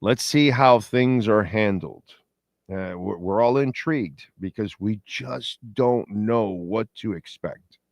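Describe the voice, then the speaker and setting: Slow and gravelly, with a lowish, somewhat mellow tone, a man hosts a pregame sports talk show. He rambles through opinionated fan banter, talks to listeners, and reads their messages from the chat board, all in clean, echo-free studio sound.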